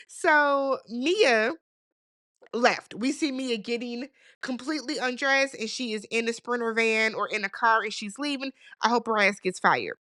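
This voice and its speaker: Chatty woman host, high voice, dry close recording, sassy with easy laughs. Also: a little slow, bright, forceful tone, dry recording. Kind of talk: casual recap chat.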